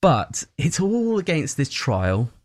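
A man who is not American, giving an animated, opinionated film review in casual chat, with many fillers and restarts. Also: fairly high pitch, takes it slowly, dry recording.

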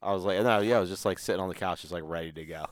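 Chill guy on a podcast, cussing and laughing along, kinda low voice. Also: rapid-fire, no echo. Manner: laid-back, profane, chuckling. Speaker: podcast co-host. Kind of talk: casual chat.

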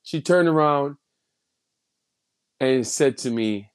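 A man spins a personal story in relaxed street slang, circling back and repeating himself as he goes. He keeps restarting his sentences and tosses in swearing without a second thought. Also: medium pitch, slow pace, clean tone. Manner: rambling, with many restarts and repeated phrases.

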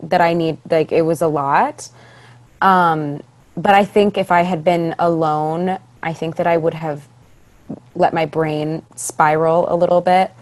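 Young actress on a podcast, bit low voice, tells her story all animated. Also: a little slow. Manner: animated, acts out quoted voices. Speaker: podcast guest, stage actress. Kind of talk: casual interview storytelling.

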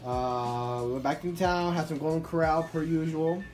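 A man's voice: fairly high pitch, steady tone, normal speed, a little mellow, faint music behind. A young man telling friends about a camping trip in a chatty way, laughing as he goes. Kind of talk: casual storytelling with friends.

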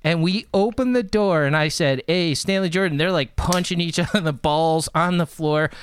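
A man's voice: on the high side, moderate pace, a little hiss or hum. A man telling stories in casual conversation, laughing and doing voices of the people in them. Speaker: guest, interviewer and music manager. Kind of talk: casual storytelling.

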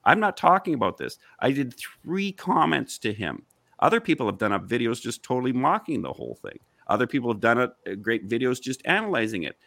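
A man's voice: medium pitch, sing-song, a little fast, gravelly, fairly bright tone, dry recording. A man in a heated online panel discussion, arguing insistently and firing off rhetorical questions.

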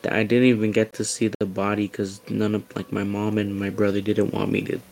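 A man's voice: fairly low pitch, completely flat delivery, brisk, gravelly, a little mellow, rough recording. A young man on a casual podcast chat, ranting with lots of swearing and stammered restarts. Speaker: podcast host.

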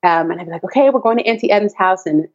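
A woman's voice: medium pitch, rapid-fire, dull audio. A woman guest, a dance teacher, chatting casually in an interview and telling stories animatedly with frequent laughter. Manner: animated storyteller, laughs often, acts out her child's voice. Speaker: guest, tap dance teacher and course creator. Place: home office at the back of the garage.

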